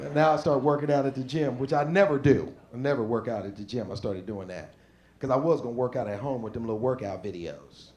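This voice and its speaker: A man doing a stand-up comedy set on stage, talking in loose slang and shouting his punchlines. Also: medium pitch, fast. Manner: casual slang, drawled asides. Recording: live stage mic with audience noise.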